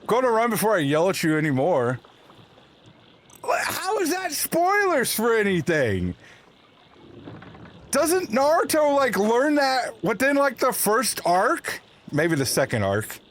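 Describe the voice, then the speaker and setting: A man hosting a live gaming stream, chatting casually with viewers and laughing at himself in a playful, animated way. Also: high-pitched, unhurried, slight background noise. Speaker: livestream host. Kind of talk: casual chat while gaming.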